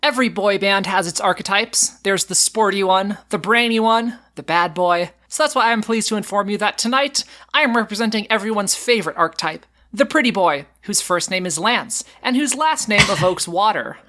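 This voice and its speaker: A woman's voice: medium pitch, normal speed, few pauses, fairly bright tone. A woman advocate delivering a comic prepared opening argument in a wry, dramatic way. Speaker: debate advocate.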